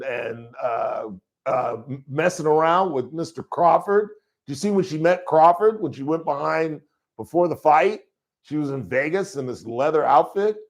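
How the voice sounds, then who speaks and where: A middle-aged man hosting a call-in sports radio show in a studio, talking loudly and rambling through stories. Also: a little high. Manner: loud, rambling, animated storytelling.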